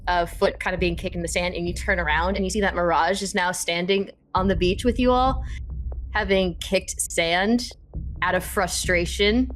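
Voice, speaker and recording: A woman's voice: fairly low pitch, fairly even intonation, faint music behind. A woman running a tabletop role-playing game as game master, laughing and swearing freely. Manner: laughing, swearing, quick voice switches.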